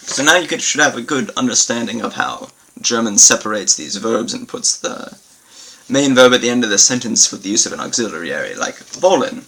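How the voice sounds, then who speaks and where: A man teaching a language lesson on video, halting with many fillers and repeating example sentences slowly. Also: medium pitch, animated, vocal fry, sharp tone, slightly rough, rough recording. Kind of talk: informal recorded lesson.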